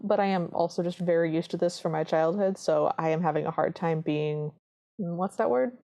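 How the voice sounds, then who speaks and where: A podcast co-host with a lowish, mellow voice talks through a film scene by scene. She slips into the characters' lines as she goes, telling it all in an easy, casual way. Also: brisk. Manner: animated storyteller, acts out quoted lines. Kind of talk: casual chat recapping a film.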